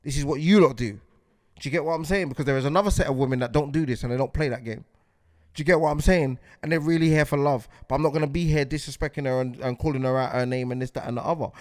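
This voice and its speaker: A man's voice: medium pitch, fast, a little mellow, dry recording. A man, delivering a heated podcast monologue as host, repeating himself and asking if you get what he's saying.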